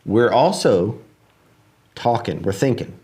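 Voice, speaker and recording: A man's voice: lowish voice, animated, takes it slowly, dark tone. A man co-hosting a casual studio update chat, rambling and restarting as he thinks aloud. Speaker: co-host of studio update show.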